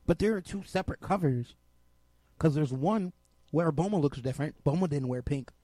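A man's voice: on the high side, moderate pace, warm tone, dry recording. A young man co-hosting a radio show in a studio, chatting casually and rambling with lots of restarts. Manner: rambling, full of restarts and laughter. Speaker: radio co-host.

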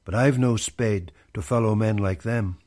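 Man reading a poem slowly. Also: on the low side, a little mellow. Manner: measured, deliberate recitation. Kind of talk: slow poetry reading.

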